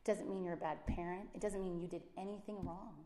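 A woman's voice: on the low side, fairly quick, crowd noise. A woman, a Christian speaker and mother, giving a casual faith talk and acting out the voices she quotes. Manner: animated, acts out quoted voices. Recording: roomy echo.

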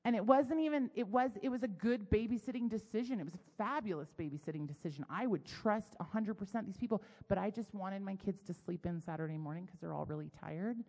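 A woman's voice: mid-range voice, quick pace, few pauses. Candid woman preaching in an echoey hall. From United States. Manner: candid, self-deprecating, animated storytelling. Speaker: women's Bible teacher. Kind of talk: personal storytelling sermon.

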